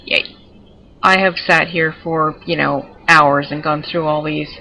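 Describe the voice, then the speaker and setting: A woman's voice: low voice, steady tone, measured pace, bright, forceful tone, poor audio. A woman giving chatty, digressive commentary while showing off her pets in a video game. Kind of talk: casual gameplay commentary.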